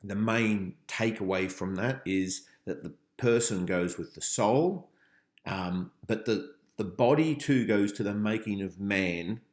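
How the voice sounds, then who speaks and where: Low-voiced male teacher in a roomy room. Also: slow, darkish tone. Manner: conversational, thinks aloud with frequent ums. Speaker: philosophy teacher. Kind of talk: relaxed revision lecture over slides. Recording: roomy echo.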